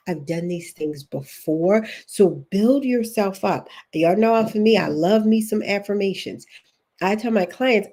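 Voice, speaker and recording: A woman's voice: mid-range voice, darkish tone. A middle-aged woman with a Baltimore accent, hosting a livestream as a career coach, chatty and encouraging, reading viewer comments aloud.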